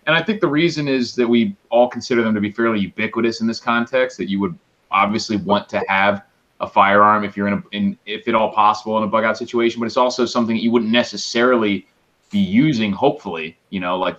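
A man co-hosting a prepping chat in a measured, explanatory way. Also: lowish voice, fairly even intonation, fairly bright tone, lo-fi sound. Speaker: co-host of a prepping livestream. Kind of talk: casual chat, reading viewer questions.

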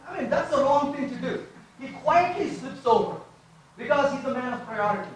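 A man giving a lively live technical talk, asking his audience question after question as he codes on stage. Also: very high voice, normal speed, a little hiss or hum. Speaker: conference speaker. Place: large conference hall. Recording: echoey hall from far off.

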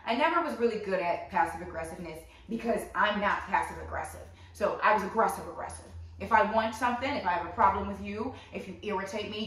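A woman's voice: mid-range voice, a bit bright. Blunt, profane woman in an echoey room. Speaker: host giving life advice. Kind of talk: casual advice talk to camera. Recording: very echoey room, voice far from mic.

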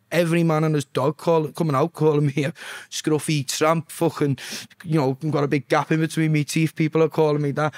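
A man's voice: on the high side, no echo, studio quality. A young man with a Liverpool accent, a singer chatting as a podcast guest, swearing freely and often asking "do you know what I mean". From Liverpool, England. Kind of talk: casual interview chat.

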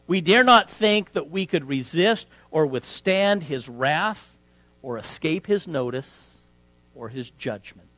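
A man preaching a sermon as pastor, emphatic on key words and trailing off softly at phrase ends, often restating himself as he teaches. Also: fairly high pitch, no echo, rough recording. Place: church sanctuary. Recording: dry sound with mains hum.

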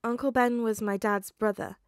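A woman's voice: fairly high pitch, steady tone, normal speed, dry recording, studio quality, natural voice. A woman reading a fan story aloud, voicing a nervous, grieving teenage boy who hesitates and trails off with ums.

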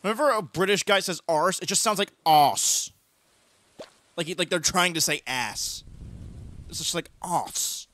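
High bright-voiced playful male streamer. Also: a little fast. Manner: playful, bursts into loud teasing shouts. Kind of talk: casual gaming chat.

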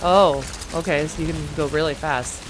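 A woman's voice: low-pitched, steady tone, normal speed, noisy background. A young woman giving casual commentary while playing a video game, reading game text aloud and chatting to herself. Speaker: gaming streamer. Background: game music.

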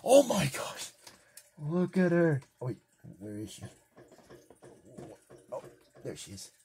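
A man's voice: on the high side, wildly swooping pitch, takes it slowly, creaky, dark tone, a little hiss or hum, exaggerated voice. A man voicing a big friendly cartoon cat toy in a fan toy play, eager and exclaiming.

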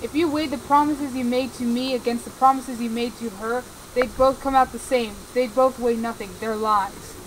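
A woman's voice: fairly high pitch, fairly even intonation, normal speed, few pauses, slight background noise, lightly acted, rough recording. A woman playing a hurt, indignant young witch who accuses her friends. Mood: accusing.

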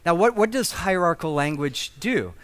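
A man's voice: on the high side, animated, normal speed, a bit bright. A man preaching a conversational sermon as pastor, with humorous asides and rising emphasis.

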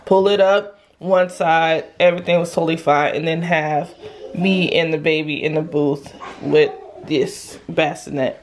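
A woman's voice: low voice, fairly even intonation, measured pace, a little hiss or hum. A young woman vlogging casually as a mom, chatting and explaining hands-on as she demonstrates a stroller at home. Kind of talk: casual demo vlog.

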